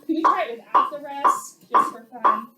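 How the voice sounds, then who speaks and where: A woman teacher coaching a violin section, counting off and giving quick practical instructions. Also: sits high, crowd noise. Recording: echoey rehearsal room. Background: violins playing.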